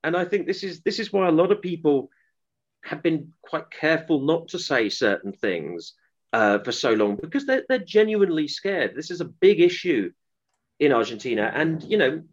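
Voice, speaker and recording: Speaking somewhat higher than most men and at normal speed, with big swings in pitch, an author guest earnestly tells a long story in an interview. He keeps stopping and restarting mid-sentence and acts out quotes as he rambles. The audio is dull and lo-fi.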